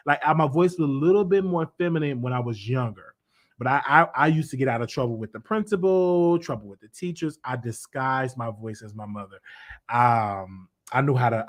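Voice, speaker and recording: A man hosting a live call-in show, talking casually and animatedly, often restarting and repeating his phrases. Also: a little high. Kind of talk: casual live-stream chat with callers.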